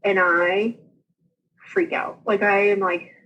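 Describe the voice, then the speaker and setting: A woman's voice: medium pitch, takes it slowly, dull audio, a little hiss or hum. A young woman, casually telling her story as a podcast guest and acting out the people she quotes. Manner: animated, acts out quoted voices.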